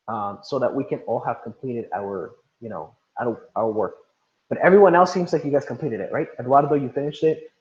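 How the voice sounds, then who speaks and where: A man's voice: medium pitch, moderate pace. A man teaching an online class, repeating instructions and calling on students by name over a video call. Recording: roomy, dull lo-fi sound.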